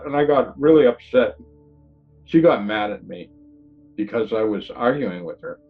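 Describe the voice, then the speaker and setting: A man's voice: medium pitch, animated, normal speed. Earnest rambling man telling his testimony. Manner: earnest, rambling with many restarts. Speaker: near-death experience witness. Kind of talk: personal testimony storytelling. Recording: lo-fi recording with faint music.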